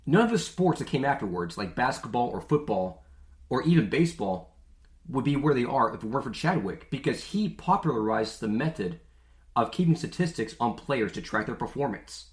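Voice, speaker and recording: A man's voice: mid-range voice, big pitch swings, moderate pace. A male podcast host talking in a casual, jokey monologue, with a mid-range voice. He is chatty and leans on filler words. The recording rings in an echoey room.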